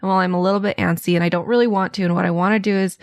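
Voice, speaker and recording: A woman's voice: lowish voice, steady tone, racing, no room sound, studio quality. A woman hosting her own podcast, talking candidly and chattily about a grumpy morning, with the odd laugh. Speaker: podcast host. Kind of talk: casual solo podcast monologue.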